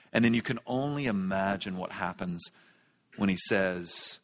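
A man preaching a sermon as a pastor, swinging between loud emphatic lines and hushed ones. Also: low voice, steady tone, moderate pace. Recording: echoey large hall.

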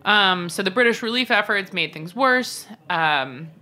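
Bright-voiced chatty woman podcaster. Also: medium pitch, a little slow. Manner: animated, jokey, chatty storytelling. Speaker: podcast co-host. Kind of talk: casual chat.

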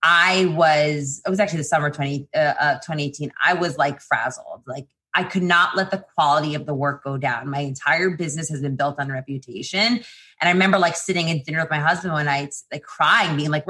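Low-voiced chatty woman. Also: bright, forceful tone. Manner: quick, chatty, many fillers and restarts. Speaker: founder of a PR agency, guest. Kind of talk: casual interview talk.

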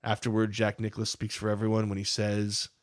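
A man's voice: fairly low pitch, completely flat delivery, fairly quick, no echo, clean studio sound. A man narrating a podcast, telling the story with emphatic, dramatic builds.

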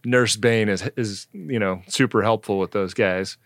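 A man's voice: fairly low pitch, a little slow, no room sound. Casual man recapping, dry close mic. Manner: loose, filler-heavy retelling of plot. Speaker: podcast co-host. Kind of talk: casual episode recap chat.

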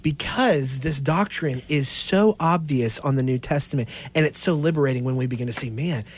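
A man co-hosting a podcast, talking through theology in an earnest, animated way and telling stories from his own life. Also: medium pitch, normal speed. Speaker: podcast co-host. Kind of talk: casual theological discussion.

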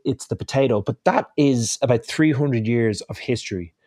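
A man's voice: mid-range voice, moderate pace, dark tone, no echo. A man with an Irish accent, a chef guest in a casual conversation, who rambles and corrects himself as he tells stories. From Ireland. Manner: rambling, self-correcting storyteller.

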